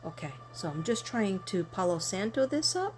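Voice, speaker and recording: An older woman chatting casually to her viewers while unboxing gifts, excitable and quick to gasp with delight. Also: mid-range voice. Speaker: tarot reader and vlogger.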